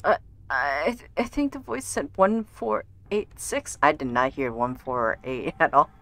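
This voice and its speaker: A woman streamer thinking aloud while playing a game, chatty and given to quick exclamations. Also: low-pitched, animated, a bit bright, dry recording. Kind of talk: casual gameplay commentary.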